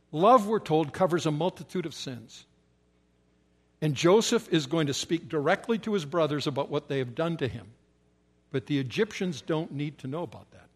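Male preacher with a slightly high voice, emphatic and repetitive, sometimes sinking to a hush. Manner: emphatic repetition, often dropping to soft, low tones. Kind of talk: sermon.

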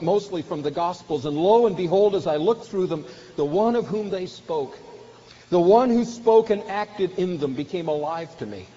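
A man delivers a sermon in an earnest, emphatic way, pressing hard on his key points. His voice sits a little high. The recording is dull, with faint hiss underneath. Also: a little mellow. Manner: earnest, emphatic preaching that swells with feeling. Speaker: preacher.

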